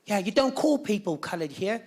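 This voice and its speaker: A stand-up comedian acting out an overeager man who loudly lectures a newcomer, repeating himself and laughing as he talks. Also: high-pitched, very animated, fairly quick, voice pushed down. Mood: lecturing. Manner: loud, insistent, repeats himself, laughs while talking.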